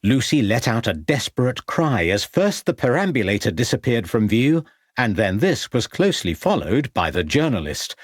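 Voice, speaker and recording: A man narrating a crime audiobook in a measured storytelling style. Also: medium pitch, very animated, husky, no echo, clean studio sound. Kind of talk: scripted narration.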